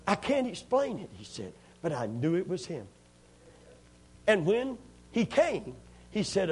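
A man of medium pitch, his voice carrying a breathy edge, preaches with lively, folksy storytelling and a good dose of humor. It's a call-and-response sermon, and he repeatedly prompts the congregation to answer.

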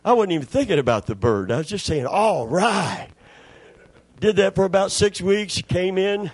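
A man's voice: sits high, lively intonation, a little fast, a little mellow, dry recording. A middle-aged man preaching a sermon in a folksy, conversational storytelling way, repeating words for emphasis. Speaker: pastor.

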